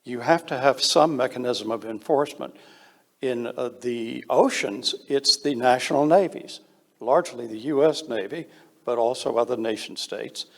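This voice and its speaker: A man's voice: medium pitch, normal speed, gravelly, in a large hall. A man speaking on a panel, blunt and emphatic, with frequent hesitations. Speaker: panel speaker on space law. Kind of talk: panel discussion.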